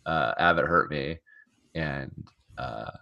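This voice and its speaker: A man playing a tabletop roleplaying game, speaking in halting bursts with many restarts. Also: extremely low pitch, creaky, sharp tone, no room sound, lo-fi sound. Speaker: player. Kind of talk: actual-play roleplay chat.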